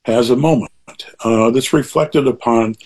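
A man's voice: mid-range voice, measured pace, gravelly, darkish tone. An older man talking in a casual interview, rambling through asides and restarts while making emphatic, opinionated points. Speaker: interview guest.

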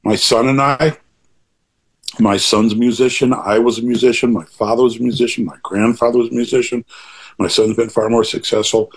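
A man's voice: medium pitch, fairly even intonation, a little fast, slightly rough. An older man talking in a casual interview, rambling through asides and restarts while making emphatic, opinionated points. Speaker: interview guest.

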